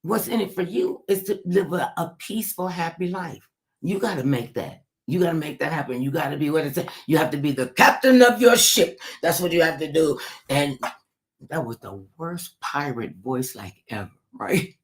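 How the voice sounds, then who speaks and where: A woman's voice: deep voice, normal speed, darkish tone. Impassioned woman host preaching to viewers. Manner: preachy, repeats phrases for emphasis; rhetorical questions addressed to listeners. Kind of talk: impassioned livestream monologue.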